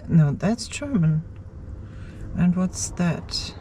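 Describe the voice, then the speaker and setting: A woman's voice: mid-range voice, slow pace, warm tone, a little hiss or hum. A woman vlogger in her car's driver's seat, thinking aloud as she works. She mutters to herself, hesitates and repeats words. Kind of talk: thinking aloud while working on a computer.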